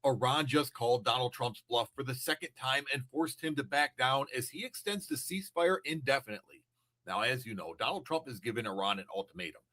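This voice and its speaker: A man's voice: mid-range voice, brisk, sharp tone. A man delivering an indignant political opinion monologue, speaking emphatically. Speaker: political commentator.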